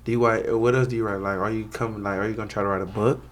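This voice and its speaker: A man's voice: fairly low pitch, level tone, very fast. A man interviewing a guest, asking short, casual questions.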